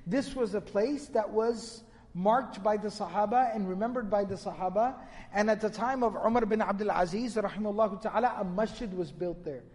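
A man's voice: sits high, dark tone, big-room sound. A man giving a religious lecture, retelling narrations in a storytelling manner and quoting Arabic. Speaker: Islamic lecturer.

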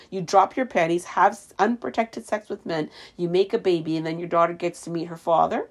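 A woman's voice: lowish voice, steady tone, fairly quick, hardly any pauses. A woman from Canada chatting casually to camera in a sarcastic, ranting way, in a room with the windows open. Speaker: vlogger. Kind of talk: casual chat.

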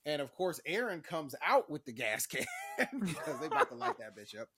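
A man co-hosting a podcast, retelling a show's plot in lively casual chat and acting out the characters in exaggerated voices, laughing often. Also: on the high side, moderate pace, a crowd in the background. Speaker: podcast co-host recapping a show.

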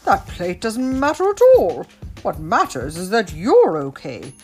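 A woman voicing a gentle, patient grandfather pig in a storybook read aloud. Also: mid-range voice, wildly swooping pitch, measured pace, faint music behind. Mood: kind.

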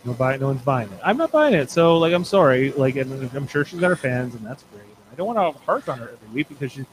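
Rambling podcast host, faint hiss. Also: male voice, medium pitch, big pitch swings, quick pace, poor audio. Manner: rambling, restarts often, conversational. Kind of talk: casual chat.

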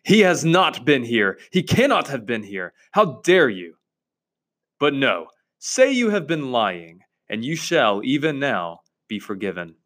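A man's voice: mid-range voice, sing-song, unhurried, fairly bright tone. A man voicing a cruel, imperious queen who scorns and commands those beneath her, read aloud from a storybook. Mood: furious. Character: cold cruel tyrant queen, furious and imperious.

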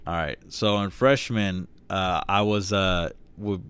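A man's voice: sits low, takes it slowly, smooth. Profane laid-back man telling stories. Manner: profane, rambling, animated storytelling. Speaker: podcast co-host. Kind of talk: casual podcast banter.

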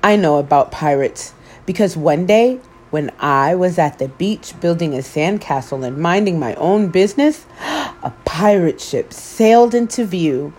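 A woman hosting story time, reading a children's picture book aloud with expressive, animated delivery. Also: fairly low pitch, unhurried, husky.

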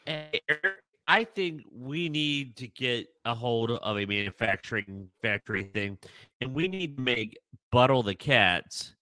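A man's voice: mid-range voice, animated, a little slow, sharp tone, no room sound. A man co-hosting a casual podcast chat, playful and laughing often as he talks. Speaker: podcast co-host.

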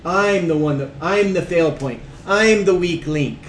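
A man's voice: high-pitched, unhurried. Emphatic man teaching in an echoey room. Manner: emphatic, asks the group questions, reads verses aloud. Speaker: Bible teacher. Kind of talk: conversational Bible study teaching. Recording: echoey room with faint background hum.

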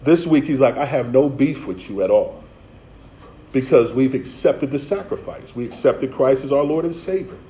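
Streetwise preacher in an echoey room. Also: male voice, mid-range voice, expressive, normal speed, mellow. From Philadelphia. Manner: streetwise preaching with playful asides and acted-out voices. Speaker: pastor. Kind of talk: sermon.

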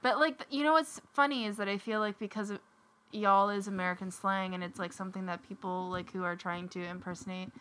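A young woman co-hosting a podcast in casual, animated chat, laughing often and swearing casually. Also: medium pitch, quick pace. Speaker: podcast co-host.

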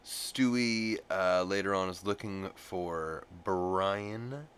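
A man's voice: sits low, takes it slowly, a bit bright, clean tone. A man hosting a podcast, casually recapping an episode in a rambling, profane way with lots of fillers.

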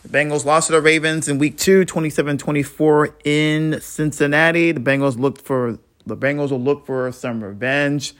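A man hosts his own podcast with a bright, forceful voice pitched a little high. He rants bluntly and swears freely. He drops into tired mutters, then flares back up into heated outbursts. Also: fairly even intonation, moderate pace, few pauses. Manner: frustrated, swings between muttering and heated outbursts. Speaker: podcast host. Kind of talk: solo sports podcast rant.

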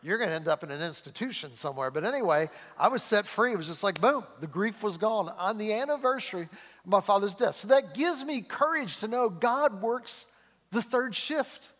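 High-voiced chuckling male preacher, reverberant hall. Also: animated, a bit bright. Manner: conversational preaching, chuckles often, slows and rises for emphasis. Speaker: pastor. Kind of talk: sermon. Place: church sanctuary.

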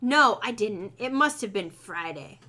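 A woman's voice: medium pitch, animated, unhurried, bright, forceful tone. A woman voicing a secretive woman manager who turns defensive and snappish when pressed. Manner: defensive, blurting denials.

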